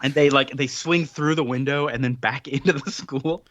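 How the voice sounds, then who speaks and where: A man's voice: medium pitch, moderate pace, no echo. A man co-hosting a podcast, casually recapping a comic with rambling asides and acted-out quotes. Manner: rambling, animated, acts out quoted characters. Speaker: podcast co-host. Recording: dull lo-fi, dry.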